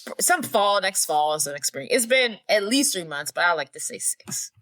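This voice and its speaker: A woman's voice: medium pitch, lively intonation, normal speed, a bit bright. A woman co-hosting a movie podcast in casual chat, cutting in with teasing, sarcastic remarks. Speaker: podcast co-host.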